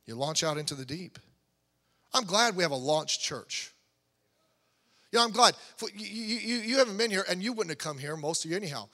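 A man preaching a sermon in a conversational, animated way, building to emphatic peaks. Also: high voice. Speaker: pastor. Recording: long hall reverb.

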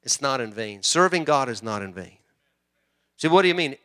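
A middle-aged man preaching a sermon as pastor, swinging between loud emphasis and quiet asides and often repeating words. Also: medium pitch, expressive, moderate pace, dry recording, studio quality.

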